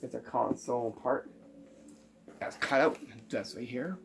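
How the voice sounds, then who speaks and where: A man explaining how a magic prank is made, step by step, pausing often with ums. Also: mid-range voice, creaky, fairly bright tone. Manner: unhurried, halting with many ums, explaining step by step. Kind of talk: magic trick tutorial.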